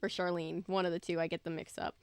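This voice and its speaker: A woman's voice: on the low side, level tone, fast talker, smooth, no echo. A woman reading a children's horror book aloud in a casual way, breaking off to joke and comment on the story. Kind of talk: casual read-aloud with asides.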